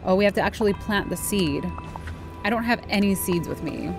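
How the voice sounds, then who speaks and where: A woman's voice: mid-range voice, a little fast. A woman in her thirties giving casual, chatty gameplay commentary, giggling and exclaiming at what she finds. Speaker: game streamer. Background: faint game music.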